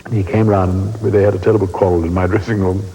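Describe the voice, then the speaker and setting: Man in his eighties, English accent, deep voice, very husky, wry anecdotal storytelling. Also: flat delivery, fast talker, warm tone, poor audio. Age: 80s. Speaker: veteran stage actor interviewed. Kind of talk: reminiscing interview.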